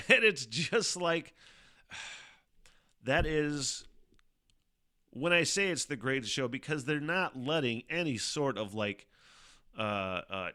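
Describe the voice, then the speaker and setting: A middle-aged man hosting a casual solo podcast, rambling and swearing often, animated, with frequent laughs. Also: medium pitch. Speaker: podcast host.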